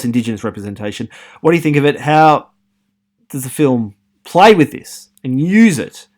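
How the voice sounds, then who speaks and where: A man from Australia giving a recorded film studies lecture, posing many rhetorical questions with frequent ums and restarts. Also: fairly high pitch.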